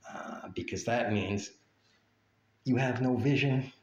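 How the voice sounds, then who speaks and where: A man ranting in a vlog, blunt, profane and sarcastic. He talks at an unhurried pace with a mid-range voice. The room around him adds a clear echo. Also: medium pitch. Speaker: vlogger. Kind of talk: ranting monologue.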